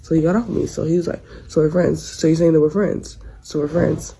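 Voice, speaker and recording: A woman's voice: deep voice, steady tone, a little fast, vocal fry, mellow, breathy edge, low-quality recording. A young woman in her twenties telling a rambling story in casual slang, restarting her sentences often. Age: 20s. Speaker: storyteller in a clip.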